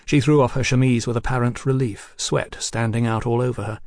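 A man giving a measured, unhurried scripted reading of a novel, recorded close on a studio mic. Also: medium pitch, steady tone, gravelly, a little mellow. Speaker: audiobook narrator.

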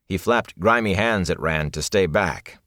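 A man narrating a fantasy story in an expressive, dramatic reading. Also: sits low, a little slow, no echo, studio quality. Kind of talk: scripted audiobook narration.

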